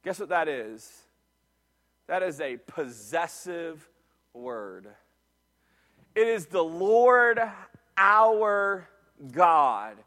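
A male pastor preaching a sermon, building in intensity and sometimes shouting to the congregation. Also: on the high side, big pitch swings, very slow, long pauses. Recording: long hall reverb.

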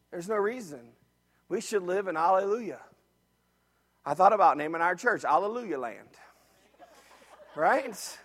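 A male pastor preaching a sermon, building in intensity and sometimes shouting to the congregation. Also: high-pitched, expressive, normal speed, long pauses. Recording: long hall reverb.

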